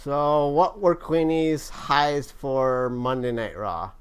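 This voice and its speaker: A man hosting a casual wrestling podcast over a remote call, relaxed, stumbling over and repeating words, swearing casually. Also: mid-range voice, slow, clean tone. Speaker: podcast host.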